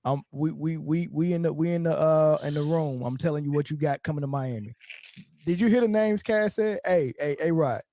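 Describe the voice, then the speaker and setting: A man's voice: on the high side, brisk, dark tone, no room sound. A man co-hosting a sports podcast who teases the others in casual banter and laughs a lot. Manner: teasing, mocking, laughs a lot. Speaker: podcast co-host.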